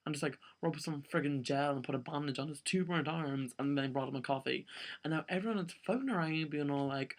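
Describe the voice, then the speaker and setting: A man's voice: on the high side, fairly quick. A young man, ranting to camera in a casual vlog, peppering every sentence with "like". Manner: exasperated, filler-heavy ranting with lots of "like". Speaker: vlogger.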